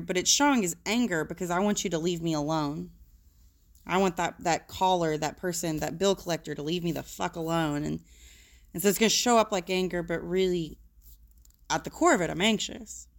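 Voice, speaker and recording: A woman's voice: lowish voice, normal speed. A woman working as a social worker, talking frankly and casually about emotions, with the odd swear word.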